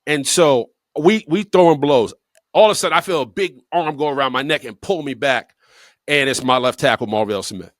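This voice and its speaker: A male podcast co-host with a mid-range voice spins a casual story at a moderate pace, cursing bluntly and repeating words to drive points home. The studio-quality recording has no room sound.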